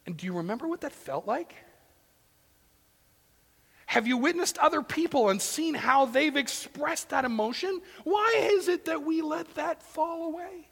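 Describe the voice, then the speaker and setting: A man preaching a sermon as pastor, swinging between loud emphasis and hushed near-whispers, sometimes acting out complaining voices. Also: very high-pitched, expressive, a little slow, gravelly, long reverb tail.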